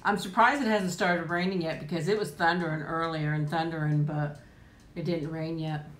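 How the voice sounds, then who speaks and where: A woman's voice: deep voice, steady tone, moderate pace. A middle-aged woman hosting a casual live stream, chatting loosely and reading viewer comments aloud, her voice leaping up whenever she greets someone. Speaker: host of a live eating stream. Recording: roomy echo.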